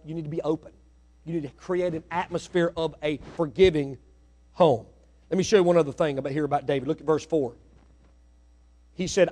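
A middle-aged man preaching a sermon in church, swinging from hushed asides to loud, rising exhortation. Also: fairly high pitch. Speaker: pastor. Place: church sanctuary.

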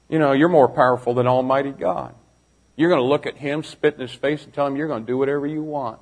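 This youth pastor talks fast, his medium-pitched voice keeping a fairly even intonation as he preaches a story-driven sermon to young listeners. He alternates between shouting and hushed near-whispers while asking them pointed questions.

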